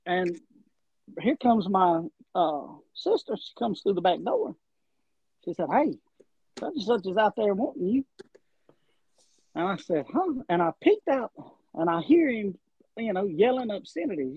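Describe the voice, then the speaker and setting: A man's voice: high voice, unhurried, long pauses, husky, no echo. A man, a guest wrestler on a podcast, telling a long story and acting out the quotes as he goes. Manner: animated, rambling storyteller, acts out quotes. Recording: dull lo-fi audio.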